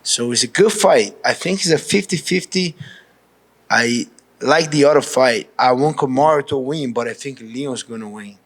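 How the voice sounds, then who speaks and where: A man in his thirties from Brazil, speaking English with a Brazilian accent and a middle pitch. He answers reporters in a loose, candid way, circling back over his words and dropping a casual "bro". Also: normal speed, a bit bright. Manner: casual, frank, restarts often, says "bro". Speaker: professional fighter. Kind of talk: pre-fight media interview.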